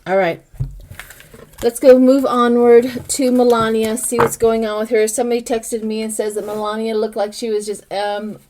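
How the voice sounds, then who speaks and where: A woman's voice: a little high, flat delivery, normal speed, a little mellow. An older woman giving a casual tarot reading to her viewers, thinking aloud as she interprets each card. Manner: chatty, speaks directly to viewers. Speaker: tarot reader.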